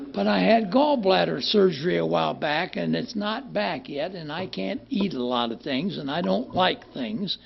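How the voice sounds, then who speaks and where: An older man with a high-pitched, creaky, husky voice gives a plainspoken, rambling personal testimony at a recovery meeting, often repeating words. The recording is muffled and lo-fi.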